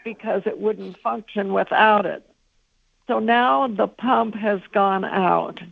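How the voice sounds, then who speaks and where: A woman calling in to a radio show, calmly explaining her complaint step by step. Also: mid-range voice, takes it slowly, gravelly, no echo. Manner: matter-of-fact, explaining step by step. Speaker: caller. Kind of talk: phone-in complaint. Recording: tinny phone line.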